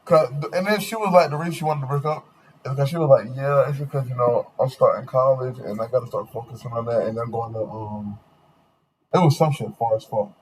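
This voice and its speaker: A young man hosting a podcast, telling a long dating story in slangy, animated casual chat with quoted voices. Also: medium pitch, brisk, a little hiss or hum. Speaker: podcast host.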